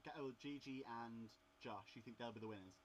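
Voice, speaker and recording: A man's voice: medium pitch, a little fast, slight background noise. A man co-hosting an interview, catty and sassy in his asides. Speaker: co-host interviewer. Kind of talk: casual interview chat.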